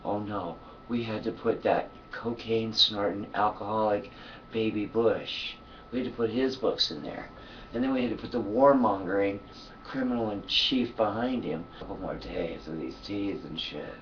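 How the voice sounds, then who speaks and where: A man's voice: fairly low pitch, moderate pace, recorded from a distance, highs cut off, slight background noise. A man talking to his camera in a loose, profane monologue, sleepy and yawning, laughing often between thoughts. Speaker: vlogger. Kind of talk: casual rambling monologue.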